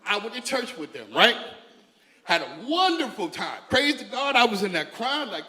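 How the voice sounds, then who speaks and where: A stand-up comedian, a man with a strikingly high, bright and forceful voice, tells stories in a loose, chatty way and keeps throwing asides to the crowd. He is heard on a stage mic in a big hall, with a long echo trailing each line. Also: sing-song, moderate pace. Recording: echoey hall with long reverb.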